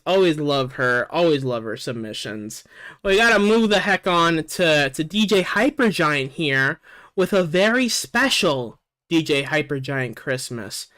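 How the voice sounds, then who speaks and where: A man's voice: sits high, fairly bright tone, clear, resonant tone. A man hosting a casual chat about music tracks, rambling and joking with many fillers. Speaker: podcast host.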